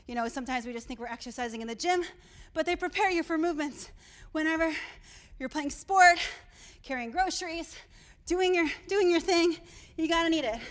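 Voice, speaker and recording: A woman leading a workout as she exercises along with it. She is out of breath, pushing her listeners on and counting down each set. Her voice sits high. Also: a little fast. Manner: energetic, encouraging, counting down. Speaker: fitness instructor. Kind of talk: live workout coaching.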